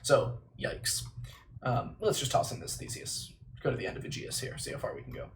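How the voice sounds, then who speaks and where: A man chatting casually on a livestream, self-deprecating and dropping the odd mild swear word. His voice sits in an ordinary middle pitch. Faint background noise and mouse clicks can be heard behind him. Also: huge pitch swings, quick pace. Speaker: livestreamer memorizing a play.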